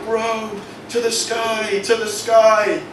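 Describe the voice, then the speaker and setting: A man voicing a group of cheering male nettle plants, high, slow and chanting. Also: level tone, far from the mic. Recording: echoey venue from afar, noisy.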